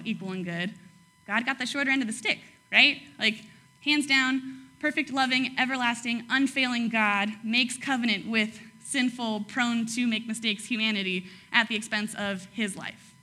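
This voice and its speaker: A young woman preaching a casual sermon, chatty and quick to laugh, tagging her points with "right?" and "like". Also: fairly high pitch, sharp tone.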